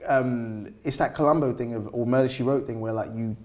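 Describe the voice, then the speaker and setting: A man's voice: medium pitch, fairly even intonation, a little fast, a little mellow. A man, an actor and writer, chatting casually as a podcast guest, rambling and enthusiastic with lots of fillers. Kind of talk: casual chat.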